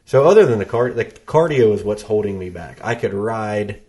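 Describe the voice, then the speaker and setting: A man's voice: lowish voice, expressive, normal speed, warm tone. A man chatting as a podcast guest, joking at his own expense and laughing often. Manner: self-deprecating, storytelling, laughs often. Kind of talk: casual chat.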